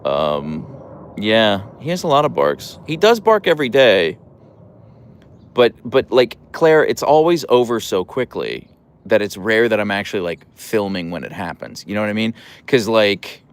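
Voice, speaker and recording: A man's voice: big pitch swings, moderate pace, clean tone. A man chatting casually on a live stream about his dog, rambling and self-deprecating. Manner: high cooing baby talk to his dog.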